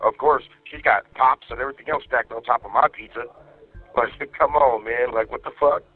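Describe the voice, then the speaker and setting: A man's voice: medium pitch, normal speed, slightly rough. A man calling his wife from jail, venting in a heated, profane way. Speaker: inmate on a jail phone call. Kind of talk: phone call to his wife. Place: jail phone. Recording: tinny jail phone line, faint music.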